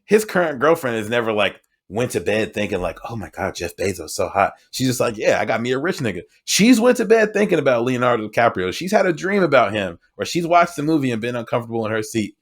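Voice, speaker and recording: A man's voice: very animated, quick pace, few pauses. A man co-hosting a podcast in casual chat, loose and joking, often acting out other people's lines. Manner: loose, joking, acts out quotes with big pitch jumps. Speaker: podcast co-host.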